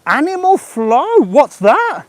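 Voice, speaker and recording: A man's voice: very high-pitched, wildly swooping pitch, slow. A middle-aged man, vlogging live while walking outdoors through resort grounds, talking in a jokey, chatty way and chuckling often. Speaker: travel vlogger. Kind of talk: live-streamed walking vlog. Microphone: handheld gimbal camera.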